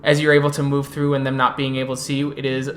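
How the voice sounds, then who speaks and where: A woman's voice: extremely low pitch, completely flat delivery, fast talker, a little hiss or hum. A woman acting as storyteller, narrating a tabletop horror game with descriptive, dramatic pacing.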